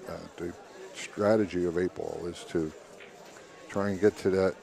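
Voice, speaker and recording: A man and pool player sitting in as guest commentator, casual and quick to laugh. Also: low-pitched, steady tone, creaky, dark tone. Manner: casual, laughs easily, short reactions. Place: commentary booth at a billiards hall.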